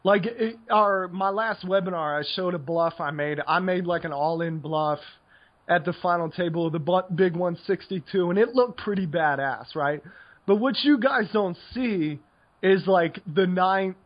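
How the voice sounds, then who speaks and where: American male podcast co-host, higher pitch, tired and loose, slightly dull lo-fi sound. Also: normal speed. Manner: rambling, filler-heavy, laid-back. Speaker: podcast co-host, poker coach. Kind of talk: casual podcast chat.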